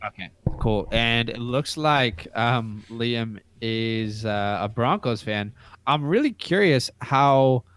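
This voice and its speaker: A man's voice: medium pitch, animated, takes it slowly, a bit bright, clear, resonant tone, no room sound. Chatty American man hosting a stream. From United States. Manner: chatty, reads out viewer questions. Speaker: podcast co-host. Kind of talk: casual live-stream chat.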